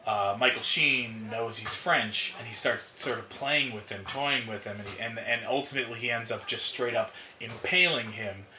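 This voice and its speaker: Man, casual chat, rambling storyteller, very bright tense voice, roomy echo. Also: medium pitch, moderate pace, hardly any pauses. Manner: rambling storyteller, swearing, laughing often. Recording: echoey room, faint noise.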